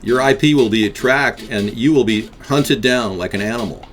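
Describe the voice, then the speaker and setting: A man's voice: mid-range voice, moderate pace, soft background music. A man hosting a live interactive talk stream, rambling and combative as he answers chat.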